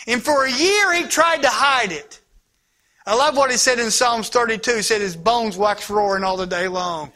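Guy preaching, real high bright voice, gets loud then drops to a near whisper. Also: moderate pace. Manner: impassioned preaching that swings from loud to hushed. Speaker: pastor. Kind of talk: sermon.

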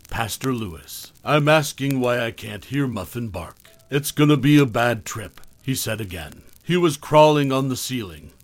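A man reads a horror story aloud at a mid pitch, calm and low-key. His lines trail off softly at the ends. The sound is dry and close, with no room echo. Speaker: narrator. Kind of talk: scripted horror story narration.

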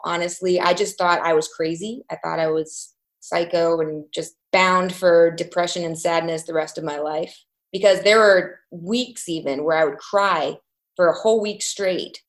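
Woman around 30 telling her story on an interview, lowish voice, candid and reflective, stops and restarts when it gets hard. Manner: candid, reflective, halting at painful points. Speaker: guest.

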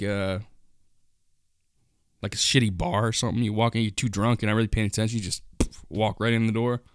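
A man's voice: fairly low pitch, dry recording, clean studio sound. A man hosting a solo political commentary podcast, reading news aloud and riffing on it in a sarcastic, mocking, profane way. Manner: reads news aloud and riffs on it. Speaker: podcast host.

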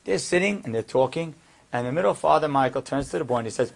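A man telling a story aloud, acting out the voices of the people in it and rising high and loud at the dramatic moments. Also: expressive, fast talker, creaky. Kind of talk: animated story with acted dialogue.

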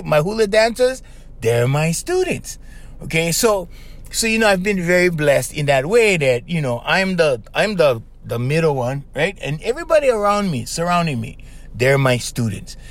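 A man from Hawaii hosts a casual podcast on his own. His voice sits a little high and leaps up and down as he talks straight to his listeners. He keeps mimicking the people he quotes. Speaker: podcast host.

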